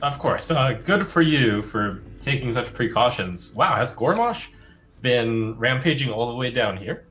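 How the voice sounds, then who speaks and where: A man's voice: medium pitch, expressive, measured pace, a bit bright, faint music behind. A man taking part as a player in a tabletop role-play, talking hesitantly with fillers.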